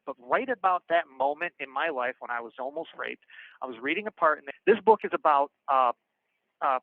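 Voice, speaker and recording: A man frankly telling stories from his past over a phone call, animated and acting out the voices of the people in them. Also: fairly high pitch, no room sound. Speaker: guest storyteller. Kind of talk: casual storytelling on a call. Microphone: prison phone. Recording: tinny phone line.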